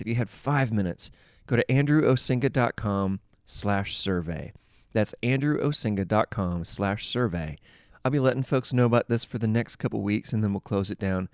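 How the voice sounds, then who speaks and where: Male podcast host, low-ish, easygoing talk, close dry studio mic. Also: dry recording. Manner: warm, chatty, filler words. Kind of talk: scripted podcast intro and casual interview. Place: recording studio.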